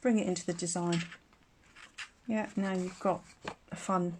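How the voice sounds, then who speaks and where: A woman's voice: lowish voice, fairly even intonation, unhurried, noisy background. A woman teaching a casual live craft demonstration, chatty and rambling, laughing often. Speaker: craft tutor.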